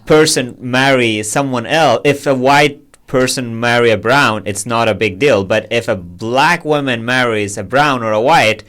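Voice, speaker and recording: Soft-spoken male interview host. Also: medium pitch, measured pace, hardly any pauses. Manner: brief, affirming interjections. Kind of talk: conversational interview.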